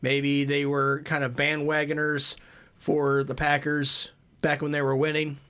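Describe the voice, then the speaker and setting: Guy chatting, lotta uhs, slightly high voice. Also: completely flat delivery, measured pace, pushed and bright. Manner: hesitant, many fillers. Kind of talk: casual chat.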